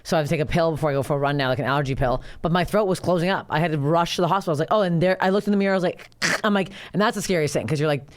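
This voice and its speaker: A woman hosting a comedy podcast, chatting bluntly and with plenty of swearing. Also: low voice. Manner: fast, blunt, profane. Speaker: podcast host. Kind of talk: casual podcast chat.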